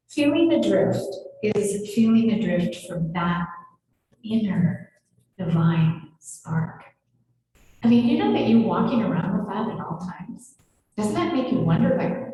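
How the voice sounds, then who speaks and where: Slow-talking woman minister in echoey hall. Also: lowish voice, lively intonation, mellow, slight background noise. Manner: chatty and playful, often laughing, addressing the congregation directly. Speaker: senior minister. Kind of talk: conversational sermon. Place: large hall of a spiritual center. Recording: echoey hall with long reverb.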